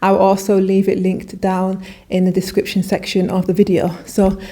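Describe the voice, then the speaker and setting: Woman vlogger chatting away about clothes, warm mellow voice, keeps restarting her sentences. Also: mid-range voice, completely flat delivery, normal speed. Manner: chatty, enthusiastic, with frequent restarts. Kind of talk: casual try-on haul vlog.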